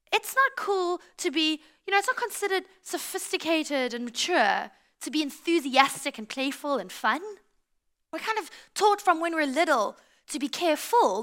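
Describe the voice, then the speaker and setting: A woman giving a lively, conversational sermon in church, acting out little quotes as she tells stories. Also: high voice. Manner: animated storytelling with acted-out quotes. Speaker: pastor.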